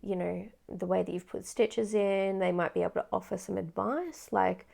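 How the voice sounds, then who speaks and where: A woman's voice: medium pitch, moderate pace, gravelly, a little mellow. A woman chatting casually about crochet, rambling with lots of fillers. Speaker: crochet vlogger. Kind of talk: casual chat.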